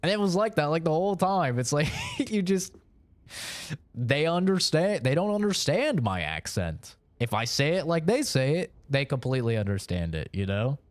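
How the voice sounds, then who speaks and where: A man's voice: a little high, very animated, normal speed, no room sound. A young man from Oregon, chatting casually with his stream chat in a rambling, profane way, laughing between points.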